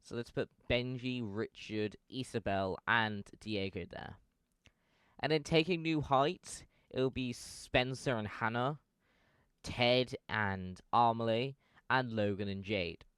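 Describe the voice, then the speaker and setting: A man's voice: medium pitch, takes it slowly, a bit bright, smooth, dry recording, studio quality. A young man giving casual fan commentary, rambling and correcting himself with lots of fillers.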